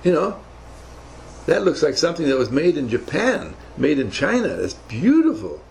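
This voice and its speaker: A man's voice: fairly high pitch, very animated, moderate pace, gravelly, slight background noise, pitched above the performer's own voice. An older man voicing an approving navy captain who praises a young sailor. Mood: impressed. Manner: warm, impressed praise.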